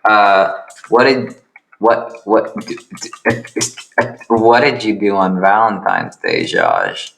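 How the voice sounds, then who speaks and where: Man voicing a stiff creature pal, earnest, pleading, apologetic, slow drawn-out delivery. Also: on the low side, expressive, vocal fry, a bit bright, faint music behind, exaggerated voice. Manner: earnest, keeps repeating the friend's name. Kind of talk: improvised comedic character voice.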